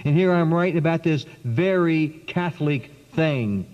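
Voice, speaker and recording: A man giving an earnest, dramatic spoken testimony to an audience, with long pauses and sudden swings in pitch. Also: a little mellow. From South Carolina. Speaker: speaker giving a testimony talk. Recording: dull lo-fi 1990s recording in a long-echo hall.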